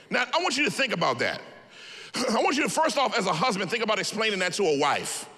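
A man pastor preaching a sermon, telling stories with humor in an animated way. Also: sits high, a little fast, long reverb tail.

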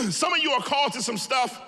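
Lively high-voiced preaching man. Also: a little fast, long reverb tail. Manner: animated storytelling preaching with humor. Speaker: pastor. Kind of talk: sermon.

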